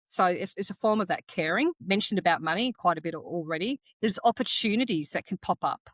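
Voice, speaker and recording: A woman's voice: on the low side, lively intonation, fairly quick, a bit bright, no echo. A woman, co-hosting a podcast in casual, reflective chat, explaining ideas step by step. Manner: reflective, explains in steps, many restarts. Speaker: podcast co-host.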